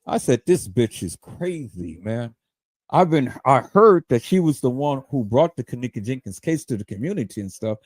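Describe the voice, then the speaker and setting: Animated, profane man ranting on a livestream. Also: medium pitch, normal speed, no echo. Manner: profane, heated, stammering repeats. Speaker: livestream host. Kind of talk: livestream rant.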